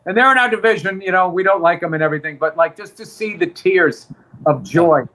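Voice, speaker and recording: A man with a high, bright, sharp-edged voice trades sardonic jokes. His casual sports chat is laced with swearing and dry put-downs. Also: brisk. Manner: sardonic, profane wisecracks. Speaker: podcast co-host.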